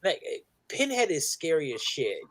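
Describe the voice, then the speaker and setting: A man's voice: fairly high pitch, wildly swooping pitch, moderate pace, a bit bright, dry recording. A man on a casual online panel, joking in slangy everyday speech. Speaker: guest panelist. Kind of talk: casual chat.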